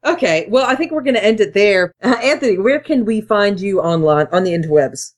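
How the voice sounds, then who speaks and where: A woman co-hosting a casual podcast, loud, playful and teasing. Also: mid-range voice, expressive, fairly quick. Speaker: podcast co-host.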